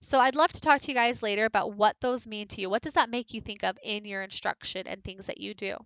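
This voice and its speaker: A woman literacy coach giving a recorded training lesson to teachers, with clear, deliberate teacherly delivery. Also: mid-range voice, a bit bright, no room sound, dull audio.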